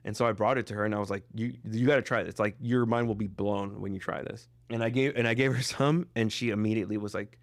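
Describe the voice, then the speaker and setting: A man's voice: lowish voice, fairly even intonation, fast talker, few pauses, no echo. A man hosting a podcast over a video call, talking casually and joking, with many fillers and restarts. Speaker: podcast host. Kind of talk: casual chat.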